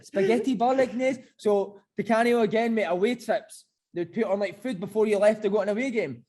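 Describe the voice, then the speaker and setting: Animated man telling football stories. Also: sits high, fairly quick. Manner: animated, swearing, keeps saying mate. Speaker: podcast host, ex-footballer. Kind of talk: casual chat and storytelling.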